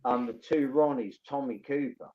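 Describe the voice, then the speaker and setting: A man's voice: medium pitch, normal speed. Rambling man, dull audio. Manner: rambling, enthusiastic, swears casually. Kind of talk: casual storytelling chat.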